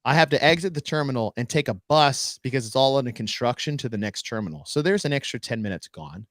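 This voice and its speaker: Man telling a lively travel story. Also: mid-range voice, quick pace, no echo, studio quality. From United States. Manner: animated storyteller acting out dialogue. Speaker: podcast co-host. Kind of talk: casual storytelling chat.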